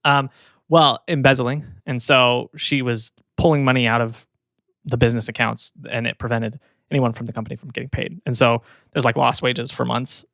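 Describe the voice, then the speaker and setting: Gravelly man telling a story. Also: medium pitch, steady tone, normal speed, a bit bright, dry recording, studio quality. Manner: laughs often while telling the story. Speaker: podcast co-host. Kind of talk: casual storytelling chat.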